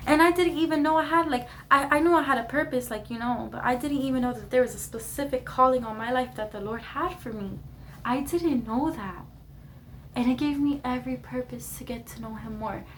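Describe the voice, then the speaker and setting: A woman's voice: medium pitch, fairly bright tone, a little hiss or hum. A young woman vlogger giving a heartfelt personal testimony to the camera, earnest and repeating words for emphasis. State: emotional at times. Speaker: vlogger sharing her testimony.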